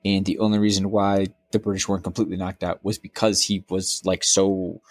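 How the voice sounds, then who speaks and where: A young man co-hosting a casual podcast, rambling and profane as he tells animated stories. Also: sits low, fairly quick, no room sound. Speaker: podcast co-host. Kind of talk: casual chat.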